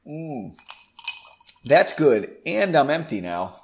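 A man's voice: a little high, sing-song, slow, slight background noise. A man hosting a podcast in a home basement studio, reading his own story aloud and breaking off for joking, self-deprecating asides.

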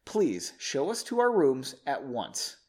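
A man's voice: mid-range voice, huge pitch swings, slow. A man reading as a stern young noblewoman. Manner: sharp, commanding.

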